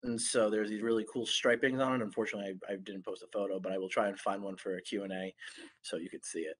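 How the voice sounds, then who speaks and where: A young man speaks on a video call, his voice stuffy and congested. His pitch sits on the low side, and he talks loosely, with plenty of fillers and restarts. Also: fast talker, slightly rough. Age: young adult. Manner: relaxed, many fillers and restarts. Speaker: guest speaker. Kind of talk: casual online presentation.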